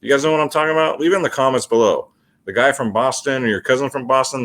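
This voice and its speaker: A man's voice: mid-range voice, expressive, quick pace, a bit bright. A man hosting a fantasy sports picks video, talking casually and addressing his viewers as guys.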